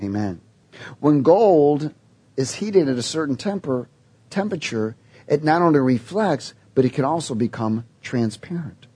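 A man's voice: a little high, animated, unhurried, darkish tone, husky, no room sound. A man preaching a sermon and telling a personal story, acting out voices as he goes. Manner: storytelling, quoting voices in his tale.

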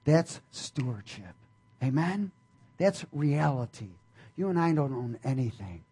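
A man's voice: mid-range voice, expressive, unhurried, dark tone, husky. A male pastor preaching a sermon, emphatic and folksy, calling out to the congregation for responses. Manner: folksy and playful.

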